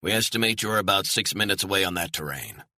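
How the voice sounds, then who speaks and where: A man's voice: low-pitched, expressive, quick pace, bright, forceful tone, no room sound, clean studio sound, full character voice. A man voicing a terse mission handler giving clipped orders over an earpiece in an audiobook. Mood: commanding. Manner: clipped, commanding, radio-style orders. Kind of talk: audiobook character reading.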